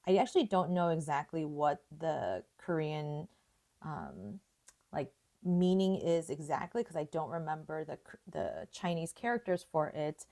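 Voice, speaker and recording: A woman's voice: sits low, animated, unhurried, mellow. Chatty woman hosting a live painting lesson. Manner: chatty, laughs often, thinks aloud. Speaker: art tutorial host. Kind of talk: live painting tutorial chat.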